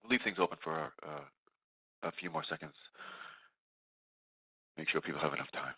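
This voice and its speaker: A man's voice: very deep voice, moderate pace, husky, no echo. Congested man moderating over a tinny line. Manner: steady, procedural, self-correcting. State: congested from a cold. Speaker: webinar moderator. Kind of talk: running audience polls. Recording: tinny phone-like line, dry.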